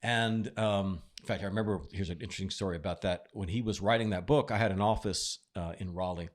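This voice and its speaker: A man with a lowish voice hosts a podcast in a relaxed, casual way. He tells stories with plenty of energy and breaks into laughter often. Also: fast talker. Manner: animated storyteller, laughs often. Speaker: podcast host. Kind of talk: casual chat.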